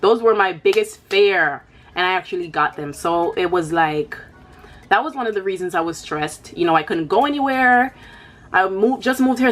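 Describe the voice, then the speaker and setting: A young woman talking frankly and casually to camera about her own life, leaning on "like" and "you know". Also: mid-range voice. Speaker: vlogger. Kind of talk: candid personal chat.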